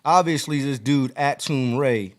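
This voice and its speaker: A man co-hosting a casual live-stream chat, animated and teasing, repeating himself for emphasis. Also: medium pitch, a little slow. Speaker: co-host.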